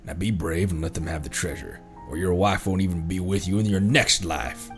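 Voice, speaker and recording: A man voicing a scornful, gruff male treasure hoarder boss with a sneering, low growled delivery while reading game dialogue aloud. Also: normal speed, soft background music.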